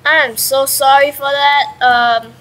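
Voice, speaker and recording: A young woman casually commentating her own game at home, chatty and excitable, with sudden yelps and mild swearing. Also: sits high, slow pace, poor audio. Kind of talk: casual let's-play commentary. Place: at home with a pet dog nearby.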